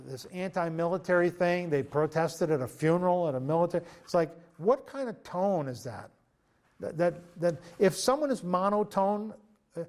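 A pastor preaching a sermon in an earnest, conversational way, often pausing with fillers and restarting his sentences. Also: on the high side, darkish tone.

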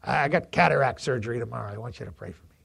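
A pastor voicing a slow, quiet man in his nineties. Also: medium pitch, vocal fry, husky, full character voice. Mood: plain.

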